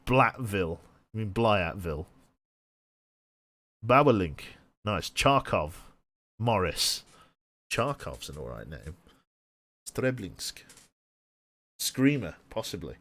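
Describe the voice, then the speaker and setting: A man's voice: on the low side, very animated, slow, long pauses, a bit bright, no echo. A man streaming a game, thinking aloud and rambling to himself with many restarts. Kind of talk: casual thinking-aloud gameplay commentary.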